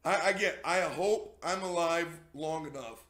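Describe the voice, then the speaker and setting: A man with a high, bright voice rants as a commentary host. He swears freely and mocks his targets. Now and then he breaks into shouts. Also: unhurried. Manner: profane, mocking, shouting at times. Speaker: show host. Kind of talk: heated commentary rant.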